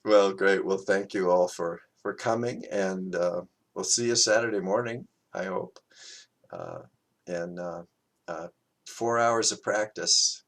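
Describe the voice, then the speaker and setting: A man teaching a qigong class, talking in a reflective, halting way with many fillers and restarts. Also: sits low, gravelly. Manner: gentle, chuckles at his own quotes.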